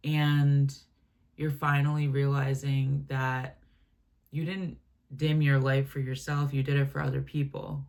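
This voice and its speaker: A woman giving a channeled spiritual reading, speaking gently and affectionately in a meandering way with many fillers and restarts. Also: extremely low pitch. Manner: gentle, affectionate, addresses listener as my love and baby; meandering, filler-heavy, self-correcting. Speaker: channeled message reader.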